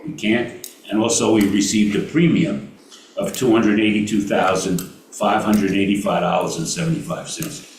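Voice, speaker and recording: A man with a Brooklyn accent running a committee meeting, reading out payments and figures with many halting fillers. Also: lowish voice, expressive. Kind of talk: meeting business. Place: meeting room. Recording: echoey room from far off with noise.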